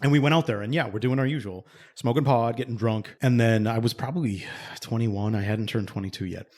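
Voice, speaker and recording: A man in his forties co-hosting a podcast, spinning a long story in loose, casual talk. He swears freely, circles back on himself, and turns lively whenever he acts out what someone else said. His voice sits at an ordinary middle pitch for a man. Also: brisk. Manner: rambling, profane, animated when quoting others. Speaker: podcast co-host.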